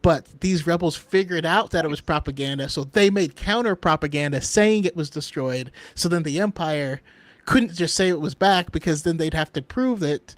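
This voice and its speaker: A man with a fairly high voice hosts a casual fan discussion show. He explains in long, rambling stretches, restarting sentences and chuckling as he goes. The sound is dry and close, with no room echo. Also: moderate pace. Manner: rambling, chuckling between points. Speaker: podcast host.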